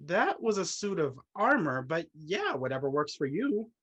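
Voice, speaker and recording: A young woman plays a proudly geeky young prince in a stage comedy. His voice is low and husky, and it swings widely as he rattles on eagerly. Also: very animated, normal speed, a bit bright, highs cut off, exaggerated voice. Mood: nerdy. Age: young adult. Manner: eager, nerdy.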